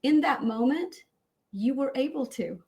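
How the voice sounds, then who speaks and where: Calm, affirming woman co-host. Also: high voice, unhurried. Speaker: podcast co-host. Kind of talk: reflective conversation.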